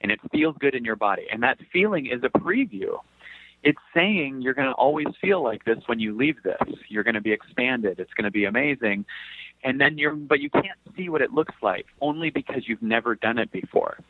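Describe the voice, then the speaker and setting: A man's voice: medium pitch, brisk, dry recording, narrow, tinny audio. A man speaking as a guest on a talk show, explaining ideas with jokes and acted-out inner voices. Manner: animated, jokey, acts out inner voices. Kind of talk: motivational talk.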